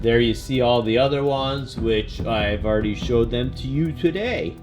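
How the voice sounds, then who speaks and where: A man's voice: medium pitch, normal speed, music in the background. A man showing and unboxing toys in a vlog, playful and laughing at his own jokes. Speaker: toy reviewer.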